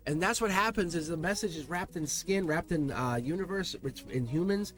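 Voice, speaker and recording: A man giving an emotional tarot reading to viewers, talking in an excitable, emphatic way, often laughing and repeating himself. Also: a little high, normal speed. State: emotional, near tears. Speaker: tarot reader. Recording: soft music playing behind.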